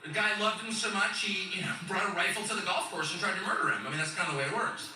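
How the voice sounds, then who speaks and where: A man's voice: sits high, quick pace, slight background noise. Sardonic man in an echoing hall. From California. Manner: sardonic, chuckling, animated storytelling. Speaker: host on a live stage tour. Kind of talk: live stage monologue. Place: large indoor event hall. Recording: roomy echoing hall, distant mic.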